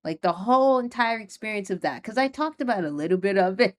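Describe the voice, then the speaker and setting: A woman's voice: medium pitch, animated, fairly quick. A young woman hosting her own podcast, talking casually and rambling, with many fillers and frequent nervous laughs. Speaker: podcast host. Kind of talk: casual solo podcast talk.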